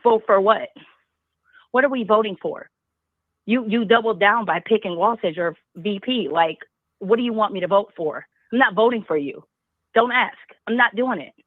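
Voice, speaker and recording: A woman's voice: mid-range voice, moderate pace, no echo. A woman calling in to a talk show, speaking passionately and firing off rhetorical questions. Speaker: caller. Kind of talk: call-in talk. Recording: tinny phone line.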